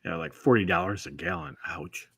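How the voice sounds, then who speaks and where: Low bright man, dry close sound. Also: very animated, gravelly, husky, no echo. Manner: laid-back, halting. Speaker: podcast co-host. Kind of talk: casual podcast chat.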